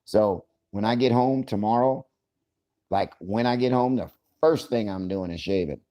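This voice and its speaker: A man's voice: fairly low pitch, moderate pace, dark tone. A man hosting a casual livestream, talking loosely and profanely, joking, and greeting viewers by name. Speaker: livestream host.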